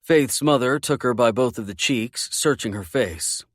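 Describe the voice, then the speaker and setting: A man narrating a first-person romance audiobook in a measured, intimate way. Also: mid-range voice, dry recording, clean studio sound.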